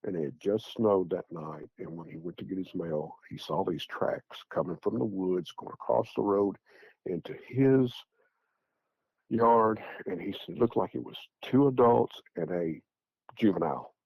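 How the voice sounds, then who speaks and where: A man's voice: low-pitched, normal speed, vocal fry, slightly rough, dry recording, muffled recording. A man telling a story in casual, rambling fashion, often repeating words as he goes. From Tennessee. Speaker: eyewitness guest.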